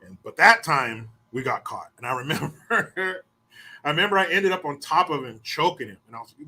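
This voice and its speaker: A middle-aged man casually telling profane, animated stories from his school days, acting out what others said. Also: fairly high pitch, fairly quick. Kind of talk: casual storytelling.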